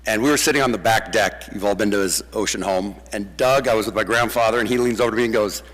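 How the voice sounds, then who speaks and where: A man telling lively stories at a memorial, acting out the quoted voices. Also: on the low side, fast, few pauses. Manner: animated storyteller, acts out the quoted voices. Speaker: eulogy speaker. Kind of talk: storytelling memorial tribute. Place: church sanctuary. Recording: long church reverb.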